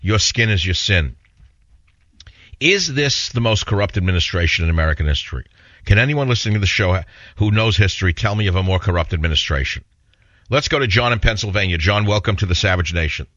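A man's voice: lowish voice, animated, quick pace, fairly bright tone, no echo. A man hosting a radio talk show, telling stories in a rambling, indignant way and taking calls. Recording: dull lo-fi radio broadcast.

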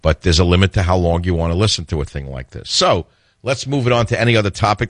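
Deep-voiced blunt man hosting a radio call-in show. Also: fast, dry recording, studio quality. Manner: blunt, opinionated, chuckles often. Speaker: radio talk show host.

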